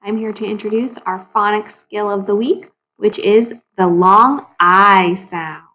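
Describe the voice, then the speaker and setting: A woman teaching a phonics lesson to young children, sounding words out slowly and asking the class encouraging questions. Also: mid-range voice, steady tone, sharp tone. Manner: slow, exaggerated sounding out of words.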